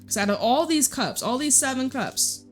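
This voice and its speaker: A woman's voice: high-pitched, animated, normal speed, faint music behind. A young woman giving a casual tarot reading, chatty and blunt, swearing freely and laughing often. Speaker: tarot reader.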